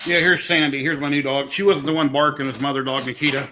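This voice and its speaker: A man's voice: fairly high pitch, steady tone, fast talker, hardly any pauses, bright, forceful tone, slight background noise. A middle-aged man chatting casually and rambling on a home live stream, easygoing and talkative. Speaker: livestream host.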